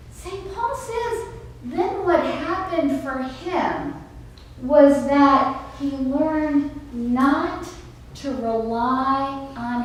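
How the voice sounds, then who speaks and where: A woman pastor preaches in a high voice at a very unhurried pace, leaning on dramatic pauses. Her words ring around a large echoey sanctuary, caught from a distance with a faint hiss underneath. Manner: emphatic, with dramatic pauses and storytelling. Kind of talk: sermon. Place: church sanctuary.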